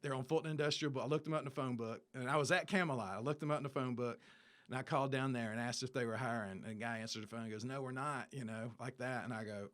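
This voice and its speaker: Give me a man telling a lively story, acting out the voices. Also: mid-range voice, very fast. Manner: animated storyteller, acts out dialogue. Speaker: interview guest. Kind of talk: casual storytelling interview.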